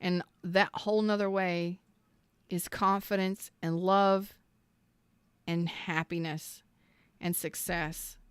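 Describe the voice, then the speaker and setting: A woman's voice: lowish voice, little pitch movement, takes it slowly, long pauses, clear, resonant tone, no echo. A woman giving a heartfelt tarot reading, earnest and emotional, repeating phrases and sounding close to tears. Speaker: tarot reader.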